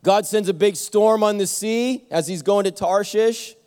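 A high-voiced male pastor preaching in a church sanctuary, his voice ringing with a long hall echo. He tells stories in a lively way, pokes fun at himself and often breaks off to restart a word. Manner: lively storytelling with self-mocking jokes and quick restarts. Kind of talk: sermon.

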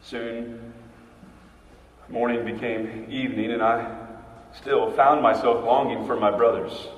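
A man preaching a dramatic first-person sermon monologue, impassioned, swinging between hushed and loud. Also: mid-range voice, steady tone, slow pace, narrow, tinny audio, a little hiss or hum. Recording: echoey hall, mic far off.

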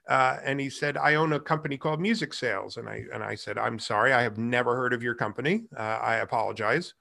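A middle-aged man in a casual interview, telling his career story with lively acted-out dialogue. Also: medium pitch, fast, creaky, hardly any pauses. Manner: animated storyteller, acts out quoted dialogue. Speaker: guest, music tech company founder.

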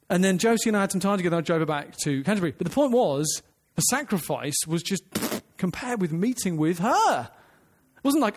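An earnest man preaching a sermon, emphatic, restarting phrases and asking the listeners questions. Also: sits high.

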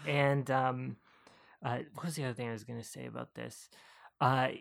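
Gravelly-voiced co-host recapping a film. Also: medium pitch, steady tone, moderate pace. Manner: chatty, wry asides. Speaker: podcast co-host. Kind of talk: casual movie recap chat.

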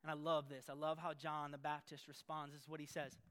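A man preaching a sermon in an energetic, playful way, with sarcastic asides. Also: on the high side, brisk.

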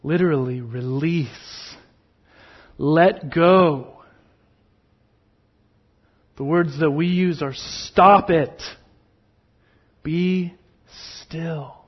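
A man preaching a sermon, slow and emphatic, with sudden drops to a near whisper on key words. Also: a little high, breathy edge, dull audio. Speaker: pastor.

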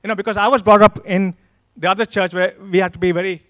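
A man's voice: sits high, fairly even intonation, fast, fairly bright tone, no echo. A male pastor at a church service, telling his own story as a sermon testimony and acting out his past thoughts. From Kenya.

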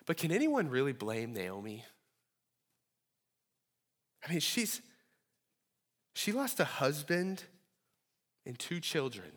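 Man, pastor preaching in a church hall; earnest, pleading lift on prayers; highish voice with long reverb. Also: big pitch swings, slow, pauses often, a bit bright. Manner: earnest, rises to pleading when voicing prayers. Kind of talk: sermon. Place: church sanctuary.

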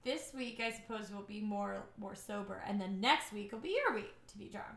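A woman's voice: mid-range voice, normal speed, a bit bright, reverberant. A young woman co-hosting a casual podcast chat, joking, swearing and laughing a lot. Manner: playful, jokey, swears, laughs often. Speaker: podcast co-host.

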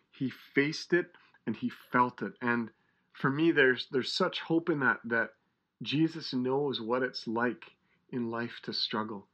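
A man's voice: mid-range voice, bright, forceful tone. A man preaching an earnest, emphatic sermon as a pastor, often restarting his phrases.

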